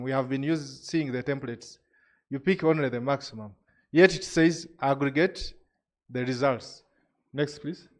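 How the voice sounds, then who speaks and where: A man presenting regulations to an industry audience, explaining step by step with frequent restarts. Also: fairly high pitch.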